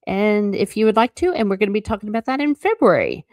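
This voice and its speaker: A woman's voice: medium pitch, big pitch swings, fast, darkish tone, dry recording, studio quality. A woman hosting a book channel, reading passages aloud and giving frank, opinionated commentary, often stumbling over words.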